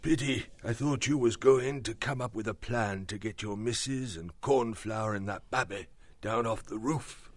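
Male actor for a husky, slow rustic hedgehog, lower pitch, audiobook. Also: lightly acted. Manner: broad rustic dialect. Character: ale-loving male hedgehog, homely and blunt. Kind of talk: full-cast audiobook acting.

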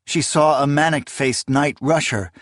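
A man narrating a dark fantasy audiobook in a measured storytelling voice. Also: a little high, no echo, clean studio sound.

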